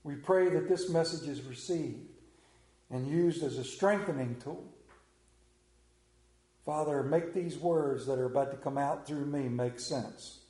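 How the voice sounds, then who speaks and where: Man, folksy preacher, mellow tone, unhurried. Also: a little high, echoey room, low-quality recording. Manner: folksy, drawling storyteller. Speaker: pastor. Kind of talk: sermon with scripture reading and prayer.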